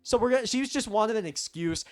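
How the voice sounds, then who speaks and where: Animated young man ranting profanely. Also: high voice, fast, faint music behind. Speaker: vlogger. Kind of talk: casual storytime rant.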